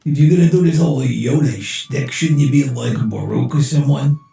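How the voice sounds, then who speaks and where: A man voicing a sarcastic male AI sidekick who heckles in casual slang, with a gravelly voice. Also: mid-range voice, normal speed, mellow, soft background music. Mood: snarky. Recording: very echoey room.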